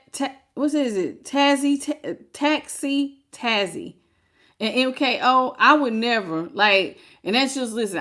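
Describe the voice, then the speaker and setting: A woman's voice: a little high, fairly bright tone. A woman hosting a live tarot reading. She talks frankly and folksily, greets viewers by name and calls them baby. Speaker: tarot reader.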